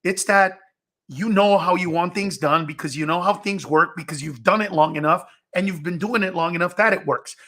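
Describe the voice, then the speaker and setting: Brief: young male comic guest, high bright voice, insistent and profane. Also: moderate pace. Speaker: stand-up comedian guest. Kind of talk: animated comedic storytelling.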